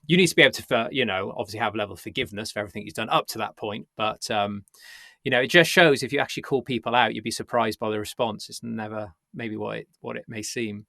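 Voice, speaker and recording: A talk show host responds thoughtfully to his guest, often ending his points with tag questions. He speaks quickly, in a bright, gravelly voice. The sound is dry and close to the mic. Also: lowish voice, no echo. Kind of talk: reflective interview commentary.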